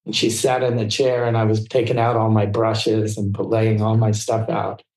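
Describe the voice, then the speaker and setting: A man guest in an interview, telling a personal story in fast, tumbling anecdotes full of restarts. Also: fairly low pitch, little pitch movement, darkish tone. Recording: roomy echo.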